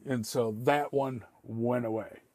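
A man's voice: mid-range voice, fairly even intonation, takes it slowly, darkish tone, no echo. A man casually telling a rambling, profane personal story, quoting everyone with "I was like". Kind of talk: casual spoken anecdote.

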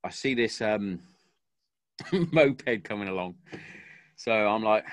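A man with a fairly low voice retells an army story in casual chat. He swears freely and acts out what people said. The sound is dry and close. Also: measured pace, pauses often, dry recording. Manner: swears a lot, animated retelling with acted-out quotes. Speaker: guest, army veteran.

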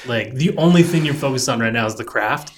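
A man co-hosting a casual talk show about design work, rambling and relaxed with lots of fillers. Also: medium pitch, fairly quick, a little hiss or hum. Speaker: podcast co-host, designer. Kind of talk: casual chat.

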